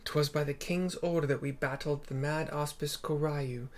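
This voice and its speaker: A man's voice: on the high side, fairly even intonation, lightly acted. A man voicing an ancient female phoenix spirit, speaking solemnly about a lost love. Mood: grieving. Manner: solemn, measured storytelling.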